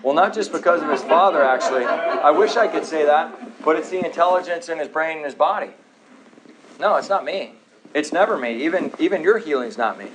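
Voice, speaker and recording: A man's voice: a little high, brisk, a crowd in the background, low-quality recording. A man in his thirties teaching a live health class, talking to the room with joking, sarcastic asides and questions to the audience. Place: office classroom.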